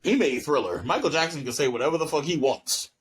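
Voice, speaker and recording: A young man co-hosting a podcast, chatting casually and telling stories loudly with lots of laughter. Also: on the high side, fast talker, slightly rough, rough recording. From New York. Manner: loud animated storytelling, lots of laughing. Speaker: podcast co-host. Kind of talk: casual chat.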